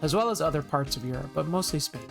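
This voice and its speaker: A woman's voice: deep voice, expressive, quick pace, vocal fry. Casual woman streamer, sick. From Colombia. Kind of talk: game playthrough reading aloud. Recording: game music underneath.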